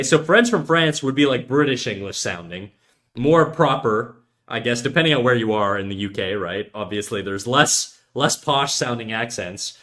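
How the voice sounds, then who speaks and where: With a medium-pitched voice that sounds pushed and bright, a young Canadian man with a Canadian accent rambles and jokes while he draws on stream. His casual storytelling is loaded with swearing.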